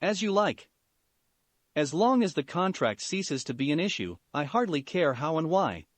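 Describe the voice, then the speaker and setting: A man voicing a calm young male assassin who speaks in a dry, matter-of-fact way. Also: on the high side, normal speed, no room sound.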